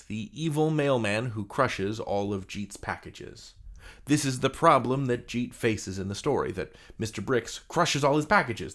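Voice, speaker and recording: A man's voice: mid-range voice, a bit bright. A man teaching a vocabulary lesson in a playful, jokey, theatrical scripted style.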